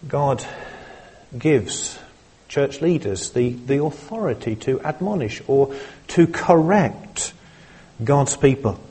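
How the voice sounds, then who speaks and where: Slow, husky-voiced male preacher. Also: mid-range voice, lively intonation, mellow. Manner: measured, earnest preaching with small restarts. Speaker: pastor. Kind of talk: sermon.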